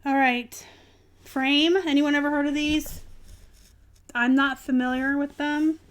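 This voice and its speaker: A woman reselling clothes, chatting casually to her live-stream viewers with lots of ums and bursts of excitement. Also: sits high, slow. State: dry throat, clearing it.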